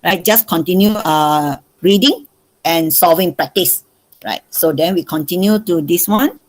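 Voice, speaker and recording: A woman's voice: on the low side, unhurried, rough recording. A woman maths teacher with a Malaysian accent, giving an online revision lesson and repeating her questions to coax answers from students. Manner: coaxing, asks questions over and over.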